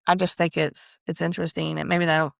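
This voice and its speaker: Spiritual reader lady, super gravelly voice, rambly and open, chatting to spirit out loud, dry close mic. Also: on the low side, little pitch movement, fairly quick, dry recording. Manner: rambling, candid, confiding; talks to spirit aloud while channeling. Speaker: spiritual reader and channel host. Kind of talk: casual spiritual reading and personal story.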